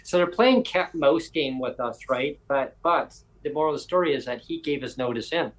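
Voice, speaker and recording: A man's voice: a little high, animated, fairly quick, poor audio. A man hosting a casual chat, telling a long rambling story with lots of voiced quotes and self-corrections. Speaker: podcast host.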